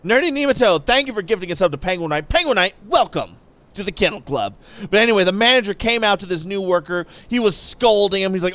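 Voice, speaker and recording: A man's voice: high-pitched, expressive, fast, a bit bright, no echo. A young man chatting casually on a live game stream, rambling through stories and thanking viewers as he goes. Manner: rambling storyteller who thanks viewers mid-story.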